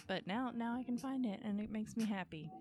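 A woman radio host from the American Midwest, chatting casually on air, rambling with lots of fillers and quick laughs. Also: fairly high pitch, a little mellow, faint music behind.

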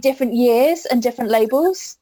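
A woman's voice: fairly high pitch, fairly quick, mellow, poor audio. A woman hosting an interview, thoughtful and conversational, using tag questions. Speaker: interviewer host.

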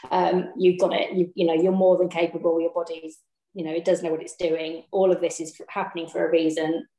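A woman with a fairly low voice tells her birth story in a quick, casual chat, lively and laughing often as she acts out what people said. The recording has a roomy echo.

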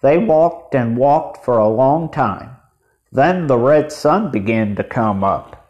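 A man reading a children's storybook aloud as narrator, in a measured way. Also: mid-range voice, expressive, a little mellow, lo-fi sound. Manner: measured, deliberate.

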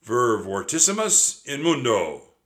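A man's voice: medium pitch, sing-song, slow, fairly bright tone, voice pushed up. A man voicing a nervous, bookish young boy in a storybook reading, who stammers when scared. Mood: curious.

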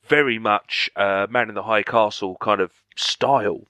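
Excitable man chatting about games. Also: on the low side, moderate pace, smooth, no room sound. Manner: enthusiastic, swears freely. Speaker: podcast co-host. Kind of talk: casual chat.

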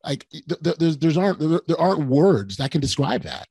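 Husky man, animated storyteller. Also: a little high, brisk, dry recording. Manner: animated, emotional, frequent restarts and repeated words. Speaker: podcast host. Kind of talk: casual conversational storytelling.

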